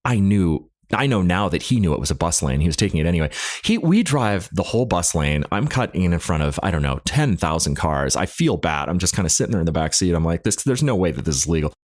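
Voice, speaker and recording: A man hosts a podcast, recounting a story in a chatty, self-deprecating way. His voice is on the low side but moves animatedly. It is close and dry, with soft music under it. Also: big pitch swings, quick pace, no echo. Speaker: podcast host. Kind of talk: casual storytelling recap.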